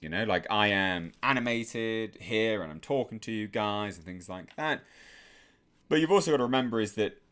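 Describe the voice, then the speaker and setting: A man with an English accent hosting a live stream, reading chat questions and answering in a measured, soft-spoken way with many fillers. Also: fairly low pitch, lively intonation, clear, resonant tone.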